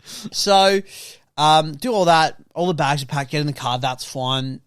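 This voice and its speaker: A young Australian man with a fairly high voice chats on a podcast, rambling and swearing as he tells a story. The sound is dry and close, with no room around him. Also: unhurried, clear, resonant tone, no echo. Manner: swearing, rambling and animated, with lots of fillers. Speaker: podcast co-host. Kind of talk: casual storytelling chat.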